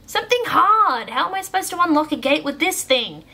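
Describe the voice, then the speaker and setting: A woman voicing an eager, impatient young man in a high, strained voice. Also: expressive, fairly quick, a bit bright.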